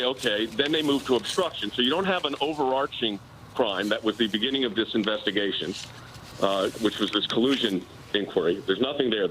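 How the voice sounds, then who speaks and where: A man's voice: medium pitch, fairly bright tone, slight background noise, low-quality recording. A man, a personal attorney, arguing his case insistently in a live TV news interview. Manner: insistent, argumentative legal explanation.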